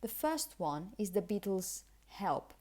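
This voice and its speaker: A woman's voice: mid-range voice, sing-song, slow pace, darkish tone. A Spanish-accented woman, a native Spanish speaker, teaching English pronunciation with careful explanations and repeated example words. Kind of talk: pronunciation lesson.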